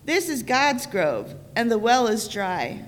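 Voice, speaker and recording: A woman voicing a stubborn, selfish female lizard who guards a well and calls out loud challenges. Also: fairly high pitch, very animated, takes it slowly. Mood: challenging. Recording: reverberant church sanctuary.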